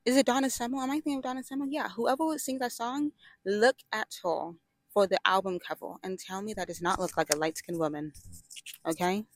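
A woman's voice: medium pitch, brisk, no echo. A young woman giving a sassy, dramatic, rambling monologue to camera, full of asides and laughs. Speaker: vlogger. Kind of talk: casual opinionated monologue.

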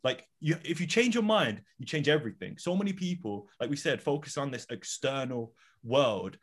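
Animated young man co-hosting a podcast. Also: medium pitch, moderate pace. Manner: animated, repeats words as he works up to a point. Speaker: podcast co-host. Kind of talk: casual conversational podcast.

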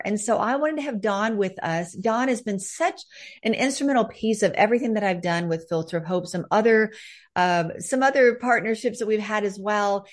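Woman, podcast host, effusive and upbeat, mid-range voice. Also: medium pitch. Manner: enthusiastic, effusive. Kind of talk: faith podcast interview.

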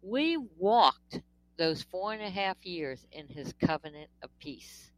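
An older woman sharing a personal faith testimony in an earnest, emotional way, with frequent pauses and fillers. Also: lowish voice, big pitch swings, no echo, low-quality recording. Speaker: guest sharing her testimony.

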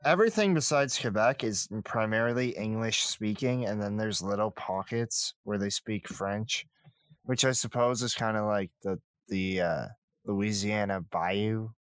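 A man's voice: fairly low pitch, unhurried, no echo. A man co-hosting a podcast in casual, joking banter. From Canada. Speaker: podcast co-host. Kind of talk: casual chat.

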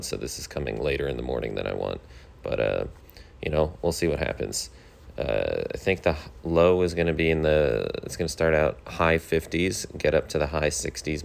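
A thirty-year-old man hosting his own podcast, rambling through a casual monologue in a deadpan, complaining way, with lots of fillers. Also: rumbling low, gravelly. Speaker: podcast host.

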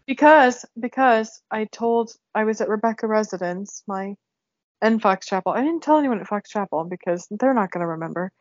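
A woman's voice: medium pitch, moderate pace, no echo. Young woman, casual podcast chat, laughs a lot, emotional, muffled lo-fi audio. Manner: chatty, laughs often, emotional. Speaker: podcast host. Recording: dull lo-fi sound.

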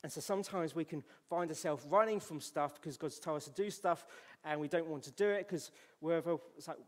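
A man with a Scottish accent preaching a sermon in church, reading scripture aloud and swinging from loud to hushed. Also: a little high, a little fast, long reverb tail. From Scotland.

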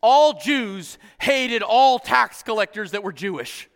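Animated male preacher with a lively, sharp delivery in a reverberant church hall. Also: sits high, slow pace, clean tone. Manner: animated, exclaiming "huh?" and "come on". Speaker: pastor. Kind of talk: sermon.

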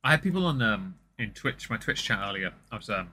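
A man's voice: lowish voice, sing-song, brisk, sharp tone, husky. A man, co-hosting a casual political chat in a blunt, profane, rambling way. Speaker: streamer and co-host.

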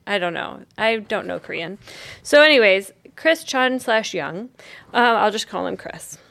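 A woman's voice: mid-range voice, lively intonation, measured pace, gravelly, fairly bright tone. A woman co-hosting a podcast, telling a researched story in a casual, rambling way with lots of fillers. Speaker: podcast co-host presenting research. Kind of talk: casual chat.

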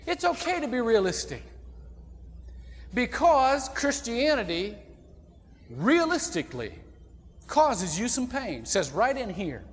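A man from Indiana preaching a sermon as pastor, folksy and animated, with sudden loud outbursts. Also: very high-pitched, unhurried, long pauses. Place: church sanctuary. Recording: long church reverb.

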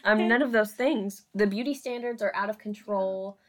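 A young woman from Northeast Arkansas hosting a casual podcast conversation, talkative, quick and emphatic. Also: medium pitch, crowd noise. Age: young adult. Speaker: podcast host.

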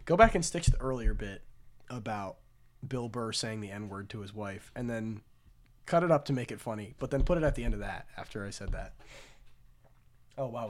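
A man hosting a casual podcast, joking crudely and rambling with frequent restarts. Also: medium pitch. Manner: rambling, joking, often trailing off. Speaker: podcast host.

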